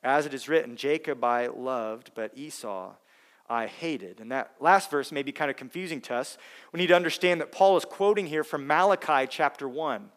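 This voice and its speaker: A man preaching a sermon, emphatic, dropping his voice soft on key words. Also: mid-range voice, moderate pace. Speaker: pastor.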